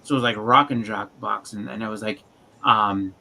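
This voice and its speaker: A man's voice: lowish voice, fairly even intonation, normal speed, vocal fry, sharp tone, rough recording. A man chatting casually on a livestream, telling rambling stories and acting out quotes in funny voices. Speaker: livestream co-host. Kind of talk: casual chat.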